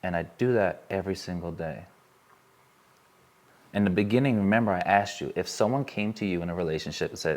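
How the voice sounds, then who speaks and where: Low-voiced guy talking on stage to a crowd, earnest, repeats himself, gets intense then soft. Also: fairly quick. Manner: earnest, repetitive, builds intensity then softens. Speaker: workshop speaker. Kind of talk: emotional live talk to an audience. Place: on stage before a live audience.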